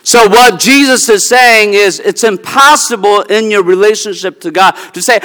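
A man preaching a sermon with a high, bright and forceful voice. He teaches emphatically, laying out his points step by step. The sound carries a long reverb from a large hall. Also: normal speed, few pauses. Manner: emphatic teaching with logic examples. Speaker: pastor.

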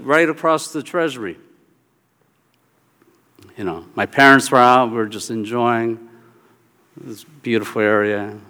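A man preaching a sermon, telling a personal story with swings of pitch and volume. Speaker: pastor. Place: church sanctuary. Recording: hall reverb with soft guitar music.

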